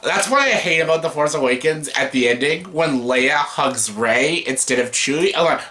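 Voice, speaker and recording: A man hosting a casual movie chat, excitable, swearing freely and laughing often. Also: a little high, moderate pace. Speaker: YouTube host.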